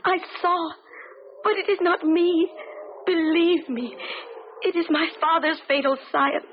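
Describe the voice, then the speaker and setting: A lonely young maiden with a high voice, pleading her innocence. It sounds thin and tinny, like an old radio broadcast with faint hiss. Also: steady tone, unhurried. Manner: pleading, emotional. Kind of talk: 1970s radio drama acting.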